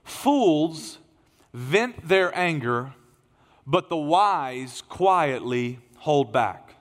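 Middle-aged male pastor, sermon delivery, strained tired voice, slightly high pitch, emphatic then quiet, long hall reverb. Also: animated, very slow. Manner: swings from emphatic raised lines to low quiet asides. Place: church sanctuary.

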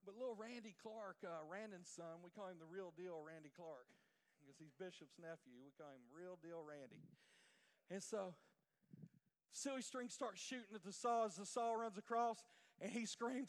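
A man preaching a sermon, swinging from loud emphatic declarations to quiet storytelling. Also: high-pitched, normal speed.

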